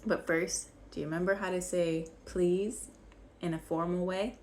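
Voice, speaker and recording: A woman's voice: lowish voice, steady tone, moderate pace, a little mellow, a little hiss or hum. A young woman teaching basic vocabulary, patiently repeating each word so learners can follow along. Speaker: French teacher. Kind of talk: slow vocabulary lesson.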